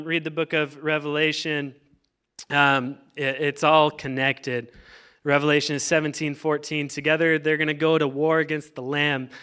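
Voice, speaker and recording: A man's voice: a little high, bright, forceful tone, smooth. A man pastor preaching a sermon, reading scripture aloud and urging the congregation to answer back. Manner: preaching with emphatic call-and-response to the congregation; reads scripture aloud between explanation.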